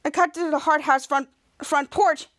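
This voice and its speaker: A woman podcast host giving a casual, halting recap of a TV episode, full of restarts and repeats. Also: sits high, fairly even intonation, fairly bright tone, dry recording, clean studio sound. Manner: halting, repetitive retelling with many restarts.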